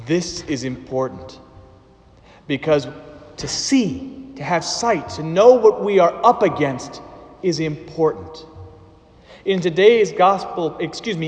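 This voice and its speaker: A man delivers a sermon as a priest, speaking slowly and deliberately with dramatic pauses. His voice sits a bit high for a man. It rings with the long reverb of a large church.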